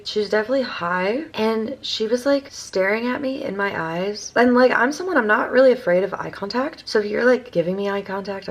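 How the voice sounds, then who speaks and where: A young woman from Maryland, hoarse with her voice mostly gone, rambling through a casual vlog story with lots of fillers. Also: mid-range voice. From Maryland, USA. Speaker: vlogger.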